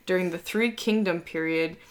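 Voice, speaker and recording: A woman's voice: on the low side, moderate pace. A woman in casual podcast chat, telling a history story with lots of "like" fillers and easy laughs. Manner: chatty storytelling, many "like" fillers, laughs often.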